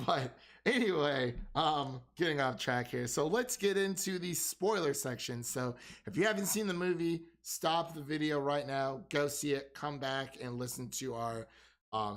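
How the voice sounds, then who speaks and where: Man, co-host of a film review chat, loose rambling delivery, lots of filler, quick to laugh. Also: medium pitch, a bit bright. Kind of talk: casual chat.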